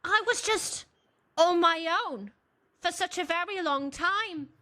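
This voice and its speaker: A woman's voice: very high voice, takes it slowly, sharp tone, dry recording, pitched above the performer's own voice, heavily acted. A woman doing a remorseful computer nanny. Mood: apologetic.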